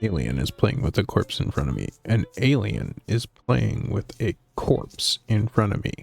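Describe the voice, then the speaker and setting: A man's voice: fairly low pitch, sing-song, moderate pace, creaky, darkish tone. A man streaming a game, reading its lines aloud in a dry, wry way. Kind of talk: reading a visual novel aloud. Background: faint game music.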